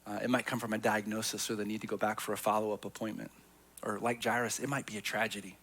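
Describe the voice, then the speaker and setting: A man preaching a sermon as pastor, telling a personal story in an earnest voice that swings from hushed to emphatic. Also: lowish voice, level tone, fast.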